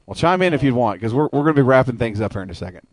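Chatty male radio host, lively pitch. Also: racing, no room sound. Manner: chatty, repeats words when cutting in. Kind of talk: casual wrestling talk radio.

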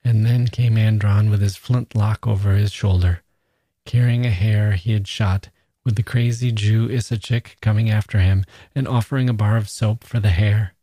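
A man hosting a podcast, reading a classic short story aloud in a measured storytelling manner. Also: fairly low pitch, steady tone, dark tone, breathy edge, dry recording. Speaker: podcast host and reader. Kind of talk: scripted literary reading.

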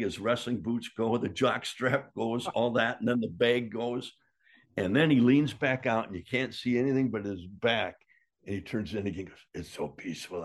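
An older former wrestler with a lowish, slightly rough voice tells a casual story. He acts out quotes like a lively yarn-spinner and curses freely throughout.

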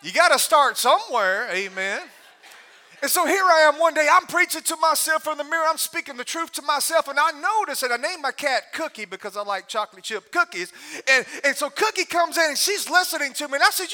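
A man giving a storytelling sermon as a guest preacher, animated and humorous, often breaking into laughter. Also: extremely high pitch, brisk.

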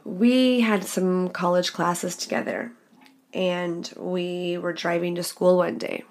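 A young woman hosting a podcast, telling a personal story in a candid, expressive way and swearing freely. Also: lowish voice, slow. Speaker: podcast host. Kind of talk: casual storytelling monologue.

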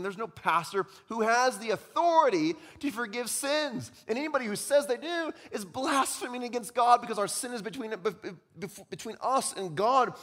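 Animated male pastor preaching in a reverberant hall. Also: high-pitched. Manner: animated preacher who acts out quoted voices and drops to quiet emphasis. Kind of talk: sermon. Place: church sanctuary.

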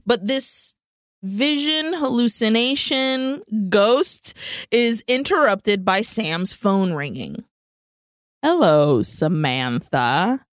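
A woman's voice: on the high side, slow pace, no room sound. Casual woman recapping a film, dry sound. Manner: profane, animated retelling with Spanish phrases mixed in. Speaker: podcast co-host. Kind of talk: casual movie recap chat.

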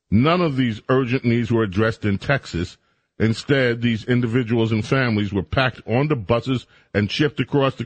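Male talk radio host, husky voice, dry studio sound, faint music bed; sarcastic folksy monologue. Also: mid-range voice, no room sound. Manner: sarcastic, folksy, mocking asides.

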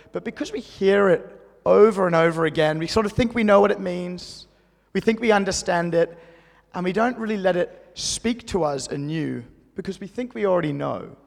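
High, gravelly-voiced preacher man in a hall. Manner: conversational, animated storytelling preacher. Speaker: pastor. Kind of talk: sermon.

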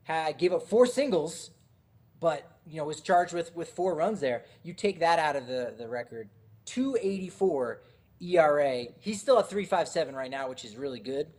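A man co-hosting a casual sports podcast, talking in a relaxed, rambling way with many fillers and restarts. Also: fairly high pitch, normal speed. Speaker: podcast co-host.

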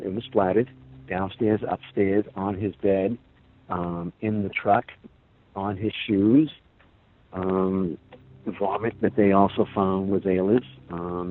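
A middle-aged man, a grandparent, telling his story on a phone interview, halting with many fillers and acting out what others said. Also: deep voice. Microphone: phone call. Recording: tinny phone line, faint music.

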